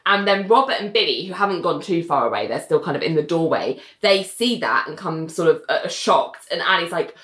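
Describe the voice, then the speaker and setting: Animated woman retelling a story, echoey room. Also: lowish voice, a little fast, few pauses. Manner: animated storyteller who acts out the characters' lines. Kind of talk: casual recap chat.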